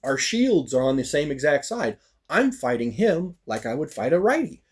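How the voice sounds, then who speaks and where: Husky man telling a casual story. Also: a little high, moderate pace. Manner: animated, acts out quoted lines, frequent fillers. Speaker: storyteller recounting a fighting practice.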